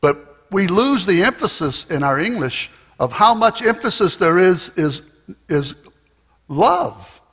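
A man with a fairly high voice delivers a sermon at a very slow, deliberate pace, explaining points like a teacher and often restarting his phrases. His voice rings out with the long reverb of a large church hall. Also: very animated, fairly bright tone, husky. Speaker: preacher.

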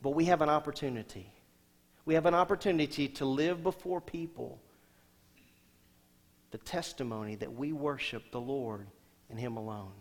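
A man preaching a sermon as senior pastor, asking the congregation questions and swinging between loud emphatic lines and quiet soft ones. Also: mid-range voice, normal speed, long pauses. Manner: asks the congregation rhetorical questions. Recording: long hall reverb.

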